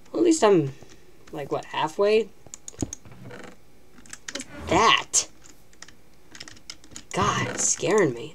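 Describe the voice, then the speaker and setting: A woman's voice: low-pitched, darkish tone, slight background noise. A woman giving live, self-mocking commentary while playing a video game, talking to herself as she plays. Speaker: gaming channel host.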